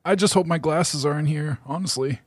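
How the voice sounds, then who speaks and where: Hesitant higher-voiced male player. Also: brisk, no room sound, studio quality. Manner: hesitant, many fillers. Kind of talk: tabletop role-play banter.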